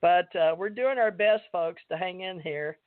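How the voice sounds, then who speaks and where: A woman's voice: lowish voice, moderate pace, no echo. A woman hosting an online talk radio show, rambling casually with many fillers and calling her listeners folks. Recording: tinny dry phone-line audio.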